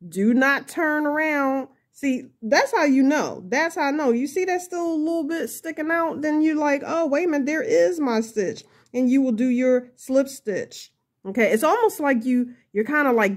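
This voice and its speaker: Female crochet host, unhurried and chatty, slightly high voice, self-mocking. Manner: chatty, laughs at herself, says y'all. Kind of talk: casual crochet tutorial.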